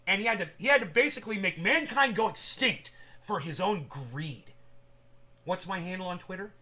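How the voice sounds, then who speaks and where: A man's voice: sits high, expressive, normal speed, bright, forceful tone. A man hosting a livestream, rambling casually and with profanity while addressing viewers in chat by name. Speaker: livestream host.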